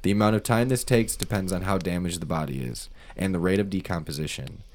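A man's voice: low-pitched, a little fast, a little mellow, slight background noise. A man reading a creepy document aloud in a casual, joking co-host style, swearing freely.

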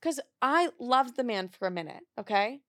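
A woman's voice: a little high, expressive, moderate pace, no room sound, clean studio sound. A woman in her twenties hosting a casual podcast, telling dating stories bluntly with lots of swearing and acted-out quotes. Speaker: podcast host. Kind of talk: casual confessional chat.

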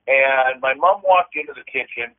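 A man, a guest on a call-in show, earnestly recounting a personal story in halting sentences full of restarts. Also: medium pitch. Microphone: telephone. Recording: tinny phone line.

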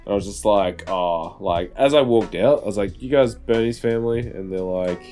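A man's voice: lowish voice, moderate pace, faint music behind. A man, chatting casually as a podcast co-host, rambling and swearing freely. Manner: rambling, swears freely, acts out quoted lines loudly. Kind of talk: casual chat.

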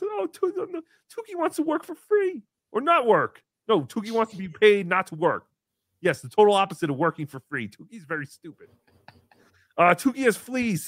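A man plays a high, bright-toned, self-pitying showman, full of melodrama and swinging pitch. He refers to himself in the third person as if hosting his own sad little show. The sound is dry and close. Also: dry recording, heavily acted. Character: silly, self-pitying, nasal-voiced male showman. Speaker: livestream show host. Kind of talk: comedic live-stream character bit.

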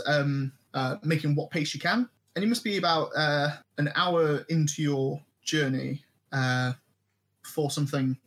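A man narrating a tabletop role-playing game as game master, halting often with ums and restarts. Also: a little high.

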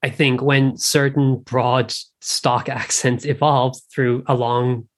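A man's voice: mid-range voice, flat delivery, slow. Man, irish accent, casual film chat, rambling, self-interrupting. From Ireland. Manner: rambling, restarts sentences, many fillers.

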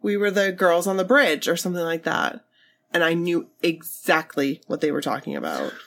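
A woman's voice: on the low side, animated, moderate pace, gravelly. A woman co-hosting a podcast in casual chat, laughing easily and exclaiming, before she reads out a story. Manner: laughs easily, exclaims, shrieks when amused. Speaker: podcast co-host.

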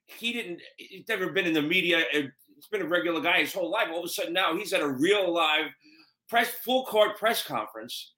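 A man hosting a relaxed talk over a video call, spinning stories with lively, profane energy. His voice sits fairly high and sounds bright and forceful. The audio is roomy, with a noticeable echo. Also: a little fast. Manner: animated storyteller, swears freely. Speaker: podcast host. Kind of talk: casual chat.

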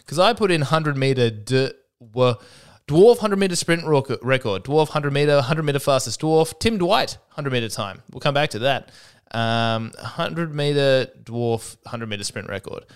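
A man talks alone into his home podcast microphone, wandering from thought to thought with wry asides and many restarts. His voice is smooth and clear at an ordinary middle pitch. He keeps an easy, chatty comic tone. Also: expressive, normal speed. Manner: rambling, self-interrupting, wry asides. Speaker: podcast host. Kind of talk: solo comedic podcast monologue.

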